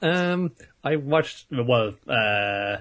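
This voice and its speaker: A man in casual podcast chat, with a voice pitched right in the middle for a man. He is jokey and a little halting, full of fillers. He keeps breaking into playful bits. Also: animated, a bit bright. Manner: jokey, hesitant with fillers, acts out characters in goofy voices. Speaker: podcast co-host.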